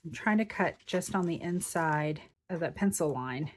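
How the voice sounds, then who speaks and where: Woman doing a craft tutorial, kinda low voice, just chatting thru it as she works. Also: expressive, normal speed, a little hiss or hum. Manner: chatty, thinks aloud while working. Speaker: crafting channel host.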